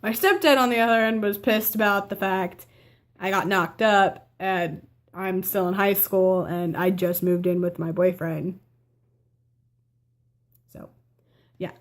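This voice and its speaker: A woman's voice: mid-range voice, fairly even intonation, a little slow, long pauses. A teenage girl telling a personal story to camera in a rambling, casual way, full of fillers and restarts. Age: teens. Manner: chatty, rambling with fillers and self-corrections; acts out family members' lines in quotes. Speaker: vlogger.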